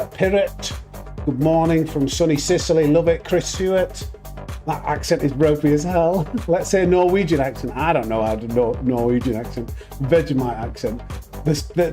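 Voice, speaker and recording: A man streaming sim racing, casually greeting viewers by name in quick bursts and joking about himself. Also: on the high side, warm tone. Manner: upbeat, greets chat names in quick bursts, self-mocking. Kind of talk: casual live-stream chat.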